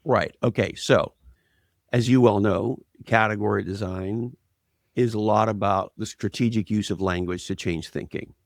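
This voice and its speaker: A man's voice: lowish voice, steady tone, moderate pace, dry recording, studio quality. A man speaking as an interview guest in a blunt, emphatic way, driving his points home with anecdotes. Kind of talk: conversational interview, storytelling.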